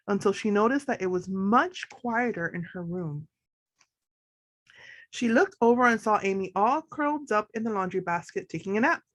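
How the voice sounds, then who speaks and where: A woman reading a children's picture book aloud to a group of educators, expressive and guiding them through slow breathing. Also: medium pitch. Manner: expressive, leads breathing along.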